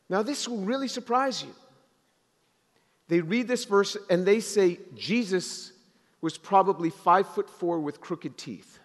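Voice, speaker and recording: A man's voice: sits high, fairly bright tone. A man preaching a sermon, talking conversationally and building to emphatic exhortation. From Jewish background in the US. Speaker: pastor. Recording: long reverb of a hall.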